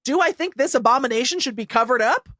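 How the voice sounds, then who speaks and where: A woman co-hosting a podcast in casual chat, joking and reacting quickly with lots of laughter. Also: sits high, animated, a bit bright, no room sound, studio quality. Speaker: podcast co-host.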